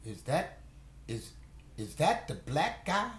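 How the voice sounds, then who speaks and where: High, laughing man in a roomy space. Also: moderate pace. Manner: animated, laughs a lot, mockingly echoes words. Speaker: commentary vlogger reacting to a news clip. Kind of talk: casual mocking commentary. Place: home in Florida.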